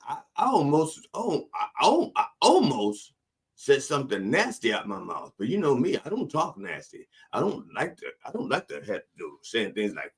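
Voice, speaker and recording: A man hosting a comedic mock sermon in an animated preacher cadence, repeating phrases and mixing cussing into his preaching. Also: medium pitch, unhurried. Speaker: comic preacher host.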